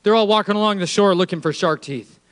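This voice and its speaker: Emphatic preacher with a higher voice. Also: male voice, quick pace. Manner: emphatic, swinging from low murmurs to shouts. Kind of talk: sermon. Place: church stage.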